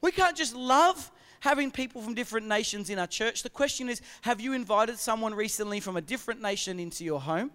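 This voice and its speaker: A man's voice: high voice, lively intonation, fairly quick, a bit bright, clear, resonant tone. A man from Australia with an Australian accent, preaching a sermon as pastor and putting emphatic rhetorical questions to his congregation in a church hall. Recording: long reverb of a large hall.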